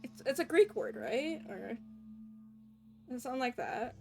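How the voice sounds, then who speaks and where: Young woman streamer, casual and profane, slightly high voice, chatting with viewers. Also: huge pitch swings, unhurried, creaky, dark tone, faint music behind. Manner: chatty, swearing, laughing at mispronunciations.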